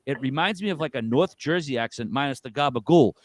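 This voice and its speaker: A man with a Boston accent, a podcast guest chatting casually, loud, joking and freely profane. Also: mid-range voice, expressive, fast talker. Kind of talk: casual interview chat.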